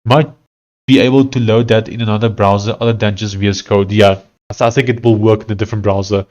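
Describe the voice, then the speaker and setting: South African man coding out loud. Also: fairly low pitch, steady tone, fast, lo-fi sound. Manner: thinks aloud, hesitant with restarts. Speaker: software developer streamer. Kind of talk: casual live-coding commentary.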